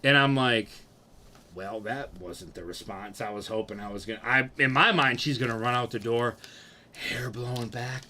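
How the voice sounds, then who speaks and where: A young man casually telling a profane, animated story about himself and acting out what people said. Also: mid-range voice, normal speed, slight background noise. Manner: animated, profane, acts out quotes.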